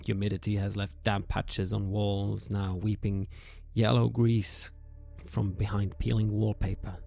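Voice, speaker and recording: Slow, low-voiced man narrating a horror game. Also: little pitch movement, creaky. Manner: slow, hushed descriptive narration with hesitations. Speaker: game master.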